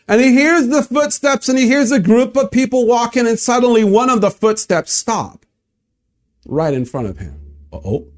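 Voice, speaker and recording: A man's voice: extremely high pitch, normal speed. A male pastor telling a story in a sermon, vividly asking listeners to imagine the scene. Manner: animated, vivid retelling, inviting listeners to imagine.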